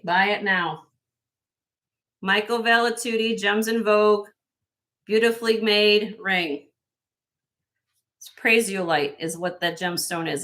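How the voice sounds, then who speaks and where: Her voice is medium in pitch, bright, and forceful. She's the host of a jewelry live stream, chatting in sales mode and speaking to each buyer by name.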